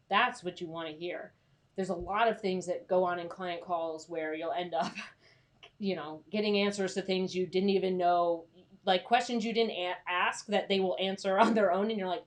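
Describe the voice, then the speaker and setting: A woman's voice: fairly low pitch, steady tone, moderate pace. A young woman coaching freelance writers in a casual, chatty live stream, reassuring and full of fillers.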